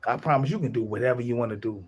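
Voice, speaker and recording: A man's voice: mid-range voice, racing, husky. Rambling young man on a livestream. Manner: rambling, repeats himself, laughs often. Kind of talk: casual livestream chat.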